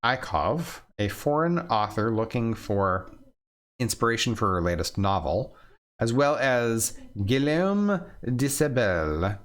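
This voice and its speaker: A man playing a story game, reading its text aloud quickly and thinking aloud between choices. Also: mid-range voice, very animated, fairly bright tone. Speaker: game streamer.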